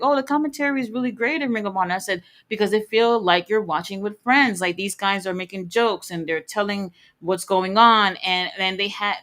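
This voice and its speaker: A woman with a medium-pitched, slightly bright voice runs a live wrestling watch-along. She chats casually, reads viewers' messages, and delivers blunt opinions with the occasional curse word.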